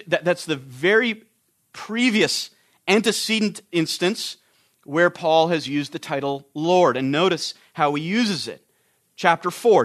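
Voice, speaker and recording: A man's voice: on the high side, a bit bright. A man preaching an expository sermon, earnest and emphatic, often restarting his phrases.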